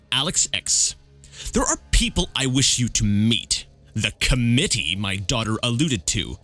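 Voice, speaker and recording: A man's voice: medium pitch, bright, forceful tone, heavily acted. A man voicing a cold, stern wealthy older man with a clipped, commanding delivery.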